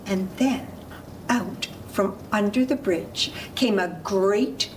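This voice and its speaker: A woman storyteller performing a folk tale for children, animated and inviting the audience to join in. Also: mid-range voice, takes it slowly, a little hiss or hum. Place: library storytelling event.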